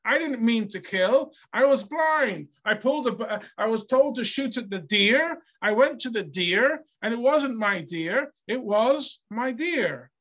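A man's voice: very high-pitched, lively intonation, a little slow, hardly any pauses, fairly bright tone, pitched above the performer's own voice, heavily acted. A man putting on an indignant blind old man. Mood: protesting. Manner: indignant, protesting questions. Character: blind old man pleading his innocence.

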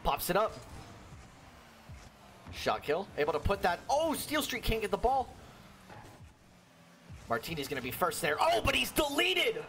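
A young man giving solo play-by-play commentary on a video game match, excitable and jokey, with a worn-out voice. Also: high voice, unhurried, pauses often, a little hiss or hum. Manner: excitable, jokey, frequent exclamations. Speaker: esports caster.

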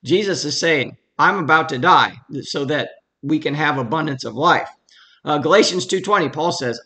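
A man leads a relaxed Bible study from home in a fairly high, bright voice with a gravelly edge. He talks conversationally and then leans hard on the verses he reads aloud. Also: normal speed. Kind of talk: casual verse-by-verse Bible teaching.

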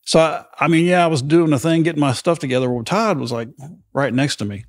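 A man's voice: a little high, fast, no room sound. A middle-aged man hosting a casual chat, telling war stories animatedly and acting out the voices of people he quotes. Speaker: podcast host.

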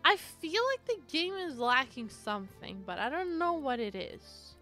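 Excitable high-voiced woman streamer. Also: normal speed, faint music behind. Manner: excitable, swears often, reads chat aloud. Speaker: live streamer. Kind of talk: casual live-stream chat while gaming.

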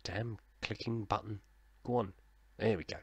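A man's voice: fairly low pitch, steady tone, normal speed, breathy edge. A man, casually narrating his football management game like a commentator and chatting with himself in a self-deprecating way. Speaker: gaming YouTuber. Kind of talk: casual let's-play commentary.

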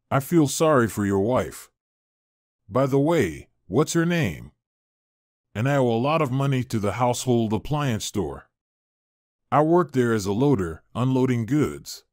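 A man narrator playing a poor but kind young man, frank and sincere in how he answers. His pitch rises and falls freely across each phrase. The recording is dry and close-miked. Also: darkish tone, no echo. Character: kind modest young male vagabond.

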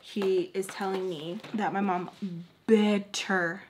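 Animated young woman telling a storytime. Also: mid-range voice, takes it slowly, noisy background. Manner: animated, lots of filler "like", acts out quoted people. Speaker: beauty vlogger. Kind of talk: storytime while doing makeup.

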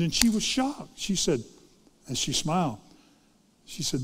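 A man's voice: a little high, big pitch swings, unhurried, pauses often, slightly rough. Fervent male preacher in a reverberant hall. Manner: dramatic, sweeping swings between loud and hushed delivery. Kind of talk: sermon.

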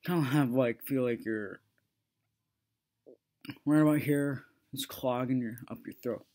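A man talks through a casual how-to for a voice impression. He is chatty and a little self-deprecating. His pace is slow and unhurried. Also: mid-range voice, darkish tone. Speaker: video maker teaching a voice impression. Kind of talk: casual tutorial.

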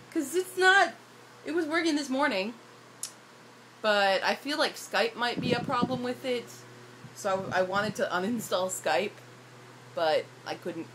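A young woman vlogging, frustrated and rambling, her voice hoarse from a night of shouting, recorded on a phone. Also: medium pitch. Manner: frustrated, rambling, self-deprecating. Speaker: YouTuber. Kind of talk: casual vlog rant. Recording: loud background noise.

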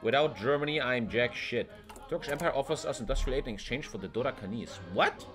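A man giving casual, excitable gameplay commentary while he plays, swearing often and swinging between loud outbursts and low mutters. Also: quick pace, faint music behind. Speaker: gaming streamer.

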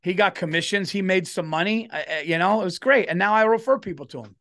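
A man's voice: sits high, fast, fairly bright tone. A middle-aged man, a comedian telling a story on a podcast and doing the voices of the people in it. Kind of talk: casual storytelling chat.

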